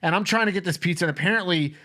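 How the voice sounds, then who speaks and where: A man's voice: sits high, racing, pushed and bright. A married man co-hosting a podcast, telling easygoing stories with chuckles. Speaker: podcast co-host. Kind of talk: casual chat.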